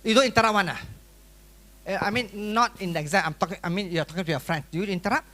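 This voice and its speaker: Animated Malaysian woman teaching a workshop. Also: medium pitch, very fast. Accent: Malaysian English. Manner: animated, playful, mimics chatter with sound effects. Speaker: workshop speaker for exam preparation. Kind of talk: classroom lecture to students. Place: school hall.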